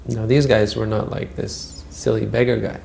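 A man's voice: fairly low pitch, flat delivery, moderate pace, vocal fry, darkish tone, a little hiss or hum, low-quality recording. A man retelling a Buddhist story as a teacher, in a conversational way with frequent restarts.

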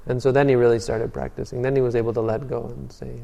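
This dharma talk features a man guiding meditation with calm stories, his mid-range voice mellow, dark, and gravelly, moving at a quick pace. He repeats words and restarts often, and a long hall reverb follows each phrase.

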